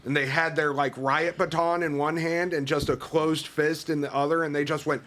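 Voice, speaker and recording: Young male podcast co-host, rambling storyteller who keeps laughing, slightly high pitch. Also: level tone, normal speed, a bit bright. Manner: laughs through his story, crude and rambling. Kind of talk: casual storytelling chat.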